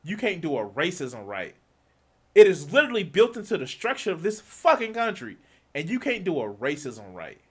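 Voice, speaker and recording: Man, angry streamer rant, swearing, restless swooping pitch, slightly raised voice. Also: wildly swooping pitch, normal speed, breathy edge. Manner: heated, swearing, repeats himself, mocking quoted voices. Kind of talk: profane political rant.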